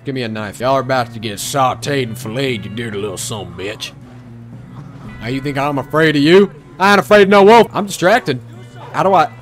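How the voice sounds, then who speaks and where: A man's voice: medium pitch, fairly quick, faint music behind. Foul-mouthed young male gamer. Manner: profane, excitable trash talk. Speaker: gaming streamer. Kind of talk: gameplay commentary.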